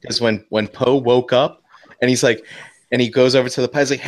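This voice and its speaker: Male podcast panelist, mid pitch, jokey animated chat. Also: fairly quick, dry recording. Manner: joking, animated. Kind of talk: casual chat.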